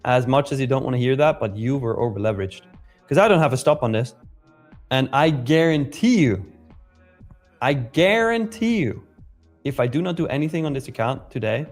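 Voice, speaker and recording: A man's voice: mid-range voice, fast talker, a little mellow, faint music behind. A man co-hosting a live trading stream in casual chat, joking and blunt, reading viewer messages aloud.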